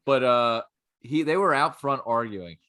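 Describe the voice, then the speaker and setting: A man co-hosting a podcast in easygoing, casual chat. His voice is bright with a middle pitch. He rambles, hunting for words and filling his speech with "like" and "you know". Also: animated, unhurried. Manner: rambling, full of "like" and restarts. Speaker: podcast co-host.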